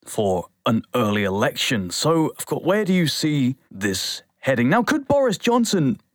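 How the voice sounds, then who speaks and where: A man's voice: medium pitch, big pitch swings, unhurried, dry recording, studio quality. A man hosting an interview, putting leading and provocative questions to his guest. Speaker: radio host.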